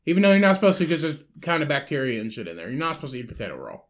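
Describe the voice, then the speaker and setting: High-voiced, foul-mouthed male podcast co-host. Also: big pitch swings, very fast. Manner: profane, mocking, blunt. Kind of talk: casual chat.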